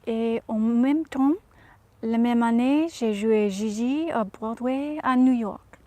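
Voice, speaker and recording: A woman's voice: on the high side, warm tone, dry recording. Woman doing a 1950s film star speaking French. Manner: halting, careful French with hesitations. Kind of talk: reading an interview aloud in character.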